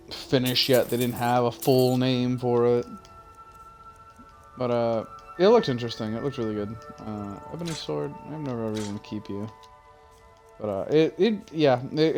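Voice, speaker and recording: Young male streamer, sleepy, loose rambly chat full of "uh"s, mid-pitch. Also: darkish tone. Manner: rambling, swearing, frequent fillers. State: yawning, tired. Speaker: game streamer. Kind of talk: casual gameplay commentary.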